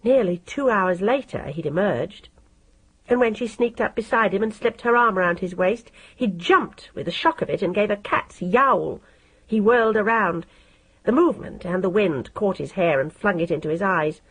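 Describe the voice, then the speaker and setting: A woman narrating a novel for an audiobook at a steady, measured pace. Her voice is husky and breathy, sitting in a middle pitch for a woman. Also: poor audio. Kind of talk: scripted narration.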